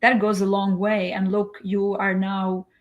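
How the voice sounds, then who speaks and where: A woman hosting a talk show, encouraging her guest in a slow, measured way. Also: mid-range voice, level tone, highs cut off. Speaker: host. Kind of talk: casual chat.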